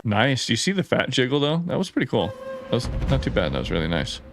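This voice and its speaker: A man hosting a casual gaming live stream, chatty and excitable, laughing often and reading chat messages aloud. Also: medium pitch, fast talker, music in the background. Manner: swears casually, lots of "like".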